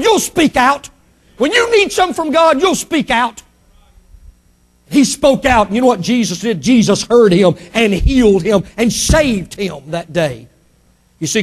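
A man preaching a sermon in a high voice for a man. He builds his points with emphatic repetition, falling quiet on key lines and then surging loud again. He addresses the congregation directly as a pastor.

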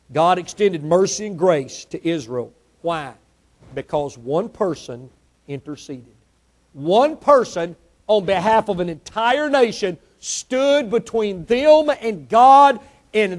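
A man preaching a sermon, emphatic, quizzing the congregation and swinging between soft asides and loud peaks. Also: high-pitched.

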